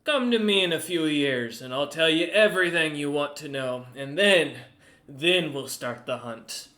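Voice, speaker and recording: A man voicing a cocky, grizzled pirate merchant captain who talks loud and taunting. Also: on the high side, lively intonation, normal speed, a little hiss or hum. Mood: menacing.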